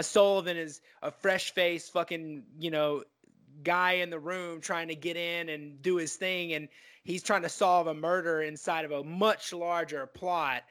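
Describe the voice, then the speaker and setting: A man co-hosting a podcast, chatting casually about a film, excitable and profane, full of fillers and restarts. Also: fairly high pitch. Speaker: podcast co-host.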